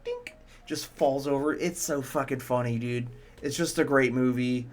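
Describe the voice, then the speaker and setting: A man's voice: medium pitch, fairly even intonation, normal speed, faint music behind. Enthusiastic, swearing movie-reviewing guy. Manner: enthusiastic, profane, rambling. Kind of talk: casual video commentary.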